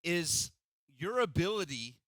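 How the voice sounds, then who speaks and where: A man's voice: high-pitched, big pitch swings, a little slow, fairly bright tone, no echo. A middle-aged man preaching a sermon as pastor, in an emphatic, conversational way.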